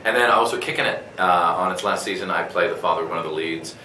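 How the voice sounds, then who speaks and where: A male voice actor, a guest at a convention interview, telling a story in a lively way, full of fillers, restarts and laughter. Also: low voice, fast, roomy sound, distant mic, low-quality recording. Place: convention room.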